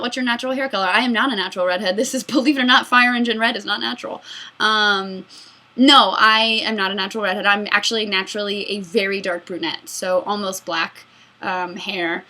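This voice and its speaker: A woman in her mid-twenties hosting a casual fan Q&A, excitable and giggly, rambling between answers. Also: mid-range voice, fairly quick. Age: mid-20s. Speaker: YouTube host answering fan questions. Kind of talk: casual Q&A chat.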